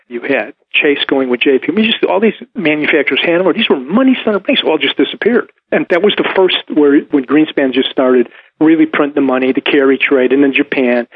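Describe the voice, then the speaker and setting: A man's voice: mid-range voice, no echo. A man giving opinionated commentary on the economy, emphatic and scornful of his opponents, heard over a phone line. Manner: emphatic, mocking voices of opponents. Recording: tinny phone-line sound.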